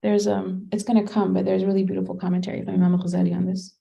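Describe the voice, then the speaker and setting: A woman's voice: medium pitch, level tone, rapid-fire, gravelly, mellow, low-quality recording. A woman teaching a Qur'an study class, explaining commentary in a conversational way and thinking aloud with fillers and restarts. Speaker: religious teacher.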